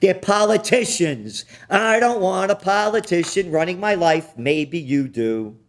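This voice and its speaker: A man's voice: high-pitched, expressive, measured pace. A man co-hosting a political talk show, ranting with profanity and biting sarcasm. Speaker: co-host.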